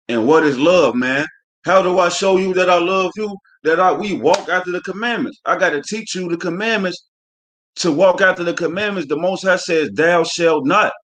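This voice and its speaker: A man's voice: fairly high pitch, a bit bright. Fiery, cussing preacher man. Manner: heated, profane, preachy, leans on "man" at phrase ends. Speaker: religious teacher. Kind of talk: fiery live-streamed scripture class.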